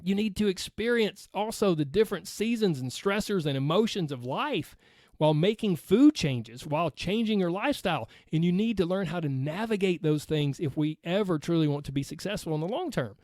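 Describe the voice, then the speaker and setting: A man with a Southern accent talks through a solo podcast episode as a weight loss coach. His voice sits high for a man, and the sound is dry with no room around it. He is earnest and motivational, and he keeps checking in with a quick "right?". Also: lively intonation, darkish tone, no echo.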